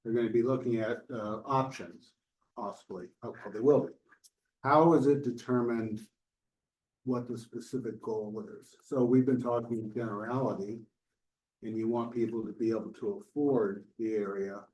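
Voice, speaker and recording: A man's voice: mid-range voice, steady tone, normal speed, a little mellow, a little hiss or hum. A man in the audience asking probing questions about a process, with hesitant fillers. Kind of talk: question at community meeting. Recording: echoey meeting room.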